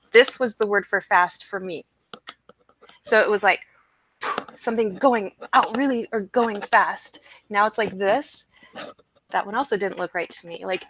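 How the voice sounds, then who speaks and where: Excitable young woman live-streaming. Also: mid-range voice, slight background noise. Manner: excited, rambling, with fillers and disclaimers. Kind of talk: casual live-stream talk. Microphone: computer mic, screen sharing.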